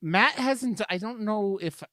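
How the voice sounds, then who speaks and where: A man hosting a podcast in casual chat, swearing often and rambling with animated outbursts. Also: sits high, slow, no echo, clean studio sound. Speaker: podcast host.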